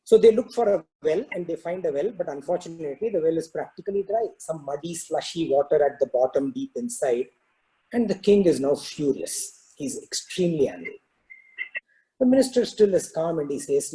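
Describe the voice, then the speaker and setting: A man's voice: fairly high pitch, lively intonation, moderate pace, warm tone, rough recording. A man giving a spiritual teaching, explaining terms and telling a parable in a loose, filler-filled storytelling way. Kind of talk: scripture talk with a parable.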